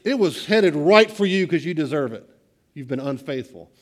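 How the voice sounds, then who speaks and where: A middle-aged man preaching a sermon, swinging between hushed, quiet lines and loud, excited bursts. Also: a little high, normal speed. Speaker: pastor.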